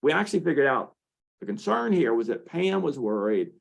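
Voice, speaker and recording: A man's voice: a little high, sing-song, fairly quick, gravelly. A man presenting a treatment model to an audience, talking conversationally with fillers and restarts. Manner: tells patient stories with acted quotes. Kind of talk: lecture to an audience.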